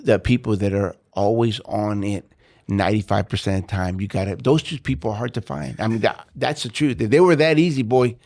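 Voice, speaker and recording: A man's voice: fairly low pitch, brisk, darkish tone. A man speaking as a sales trainer guest in a casual interview, with an emphatic, confident delivery that often repeats itself.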